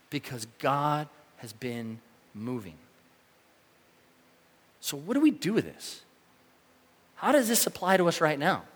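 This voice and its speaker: A man preaching a sermon in a casual, animated way, acting out the reactions of the people in his story. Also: fairly high pitch, slightly rough, in a large hall. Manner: animated, conversational, acts out quoted reactions. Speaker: pastor.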